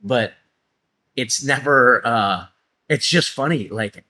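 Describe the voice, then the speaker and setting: Thoughtful man, mid-pitched voice. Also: slow, sharp tone. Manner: thoughtful, hedging, repeats phrases and tag "right?". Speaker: coach and co-author guest. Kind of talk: casual conversation.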